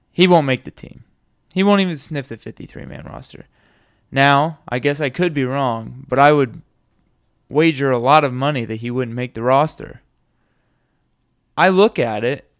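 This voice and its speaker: A man's voice: mid-range voice, clear, resonant tone. A man hosting a sports podcast, talking casually and bluntly, with strong opinions and some mild cursing. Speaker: podcast host.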